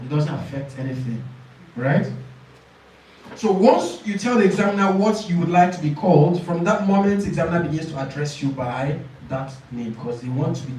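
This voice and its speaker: A man's voice: a little high, darkish tone. Echoey, distant male IELTS coach. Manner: repeats phrases, asks "Do you understand?". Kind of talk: teaching a class, modelling exam answers. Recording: very echoey room, speaker far from mic.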